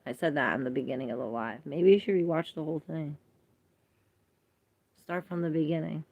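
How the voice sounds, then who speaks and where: A woman's voice: sits low, fairly quick, a little mellow. A woman hosting a tarot livestream, rambling in casual chat, laughing often and reacting to viewer comments.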